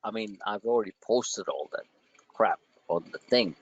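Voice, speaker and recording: A man hosting a livestream of market commentary, rambling and joking in an animated way. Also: on the low side, moderate pace, husky, no echo, highs cut off. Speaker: trading channel host.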